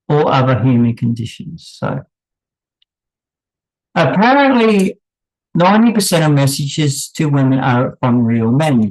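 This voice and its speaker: Male channel host, unscripted commentary; unhurried, halting, wryly apologetic. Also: medium pitch, low-quality recording. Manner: halting, pausing, with many restarts; wry and apologetic asides.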